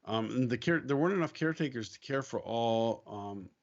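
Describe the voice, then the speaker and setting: A man's voice: mid-range voice, brisk. American guy telling a story casual, does the voices, bit of a dull lo-fi sound. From United States. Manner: animated storyteller, acts out quotes, laughs easily. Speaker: podcast guest, missionary.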